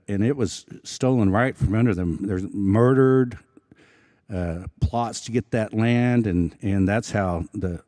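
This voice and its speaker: An Osage man from Oklahoma, a film actor speaking as an event guest, telling stories in a halting, earnest way with many restarts. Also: sits low, warm tone, no room sound, studio quality. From Osage Nation, Oklahoma. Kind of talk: casual storytelling talk. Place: public evening event.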